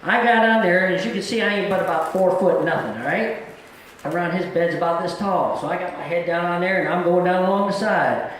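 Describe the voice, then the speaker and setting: A man's voice: sits high, a little fast, a bit bright, heavy reverb, slight background noise, poor audio. A middle-aged man doing a live stand-up set on a comedy club stage, telling stories in a plain-spoken, folksy way.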